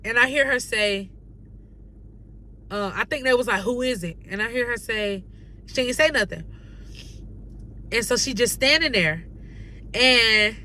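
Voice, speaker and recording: A woman's voice: fairly high pitch, a little slow, long pauses, slight background noise. Young woman telling a storytime vlog. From North Carolina. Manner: animated, slangy retelling with quoted dialogue. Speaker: vlogger. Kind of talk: casual storytime.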